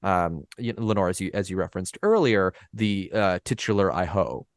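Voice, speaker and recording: A man's voice: low voice, very animated, normal speed, no echo. Man musing over a play, dry sound. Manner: thoughtful, hedging, many fillers. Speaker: podcast co-host or guest. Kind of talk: casual literary discussion.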